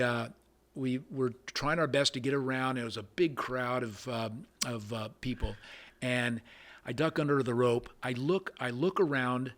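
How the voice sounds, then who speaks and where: An older man, a veteran cameraman, telling stories in an interview with lively sound effects and frequent restarts. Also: medium pitch. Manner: animated anecdotes with sound effects, many restarts. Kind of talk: storytelling interview.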